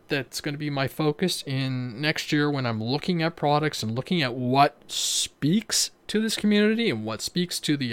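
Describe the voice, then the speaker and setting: A man's voice: mid-range voice, a bit bright, clean tone, no room sound. A man hosting a casual livestream, rambling, with many fillers and restarts. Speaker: livestream host.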